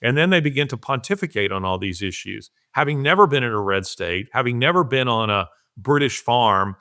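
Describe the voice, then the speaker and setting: A man's voice: medium pitch, lively intonation, a little fast, pushed and bright. A middle-aged man speaking earnestly in a podcast conversation, telling stories and emphasizing his points. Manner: earnest, emphatic, acts out quotes. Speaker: guest commentator. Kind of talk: casual podcast conversation, storytelling.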